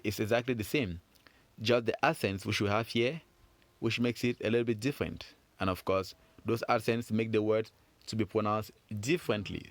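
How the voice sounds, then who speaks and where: A man teaching a French phonics lesson for children, encouraging and repeating words slowly for learners. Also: medium pitch, dry recording.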